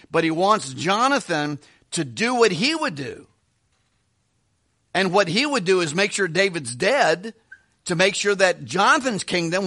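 A man teaches from the Bible verse by verse in a loose, conversational way. His voice sits high and sounds bright and forceful. He breaks off often to ask rhetorical questions and restarts his sentences. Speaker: preacher.

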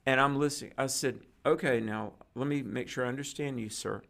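A guest preacher with a gravelly, creaky, mid-range voice tells a story briskly in conversation, as if recounting an encounter. He animatedly acts out the dialogue of the people in it as he goes.

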